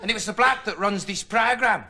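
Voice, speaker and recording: A man telling a rambling deadpan comic monologue to camera as a hapless reporter. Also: a little fast. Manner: rambling, flat, puts on high voices for quoted people. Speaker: comic reporter character host. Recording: studio audience laughter, noisy old tape. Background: audience laughing.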